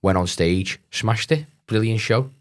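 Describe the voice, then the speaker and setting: A man's voice: on the low side, a little slow. A man with a Liverpool accent telling stories as a guest comedian on a podcast, swearing freely and acting out other people's voices. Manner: animated, swears, acts out voices in anecdotes. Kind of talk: casual storytelling chat.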